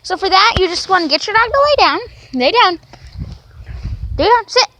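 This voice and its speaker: A woman's voice: extremely high pitch, big pitch swings, moderate pace, pushed and bright, rough recording. A woman demonstrating dog tricks on her channel, explaining each step and coaxing her dog with repeated commands. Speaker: dog trainer vlogger. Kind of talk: casual training demonstration.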